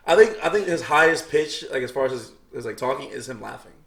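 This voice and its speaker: A man's voice: medium pitch, animated, fast, vocal fry, echoey room, crowd noise. A young man co-hosting a podcast in casual chat, laid-back, summing up and repeating what the others say. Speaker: podcast co-host.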